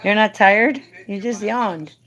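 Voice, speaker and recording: A woman's voice: medium pitch, slow, a bit bright. A woman hosting a casual live stream, coaxing and doting as she talks to a man beside her.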